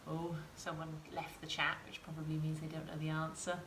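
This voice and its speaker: Woman doing a live craft lesson, lowish voice, bit echoey w faint hum behind. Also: monotone, brisk, fairly bright tone. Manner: chatty, encouraging, talks to viewers in chat. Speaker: craft tutor. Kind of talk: live sewing demonstration. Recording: roomy echo, faint ambience.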